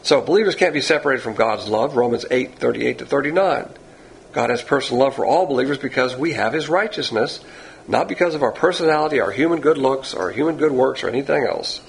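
A man's voice: mid-range voice, lively intonation, creaky, slight background noise, poor audio. A man giving a recorded Bible teaching, emphatic, stretching key words and correcting himself as he goes. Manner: emphatic, self-correcting, drawn-out stresses.

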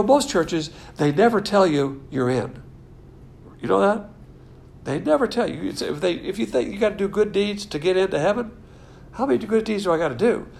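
A man's voice: high-pitched, gravelly. A man preaching a casual sermon, joking and mimicking imagined people in quoted voices.

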